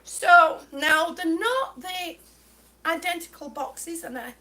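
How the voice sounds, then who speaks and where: A woman with a very high, bright voice vents to her viewers in a slow, drawn-out way. She is short of breath and keeps stumbling and repeating herself, plainly exasperated by the story she is telling. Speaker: vlogger. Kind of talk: ranting story to camera.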